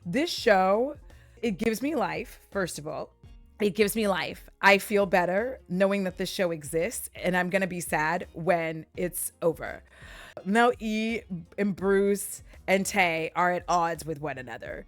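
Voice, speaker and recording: A woman's voice: on the low side, lively intonation, measured pace, no echo, soft background music. A young woman streamer recapping a show in a giggly, chatty way, laughing often. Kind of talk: casual recap chat.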